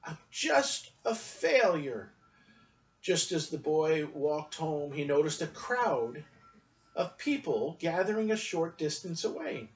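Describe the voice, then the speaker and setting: High-voiced man telling a children's story. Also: measured pace, distant mic, rough recording. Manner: expressive storytelling. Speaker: church storyteller.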